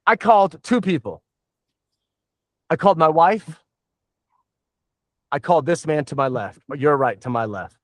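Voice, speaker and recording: A middle-aged man from the Southern United States hosting a casual podcast, rambling and swearing excitably. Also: fairly high pitch, a little slow, long pauses, dry recording. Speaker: podcast host.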